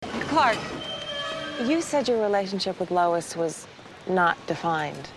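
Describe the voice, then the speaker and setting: Flirtatious woman rival, low voice, coy, faint hiss. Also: big pitch swings, slow pace, heavily acted. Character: flirtatious female rival reporter, smooth. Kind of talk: 1990s TV drama acting.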